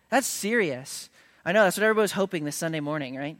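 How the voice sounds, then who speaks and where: A man preaching a sermon, moving between casual asides and loud, emphatic declarations, at times dropping to a hush. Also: on the high side, lively intonation, quick pace, dry recording, clean studio sound. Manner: conversational preaching that swings from hushed to loud and emphatic. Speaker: pastor.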